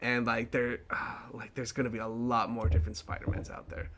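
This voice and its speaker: A man's voice: mid-range voice, monotone, a little fast, a bit bright, a little hiss or hum. A young man hosting a casual chat show, rambling with fillers and restarts and laughing often. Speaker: podcast host.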